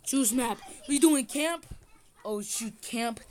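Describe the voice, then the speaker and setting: A woman's voice: a little high, takes it slowly, a little mellow. An older woman giving playful, teasing commentary while playing a game with her family, recorded on a phone. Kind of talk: casual gameplay commentary. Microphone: phone screen recording.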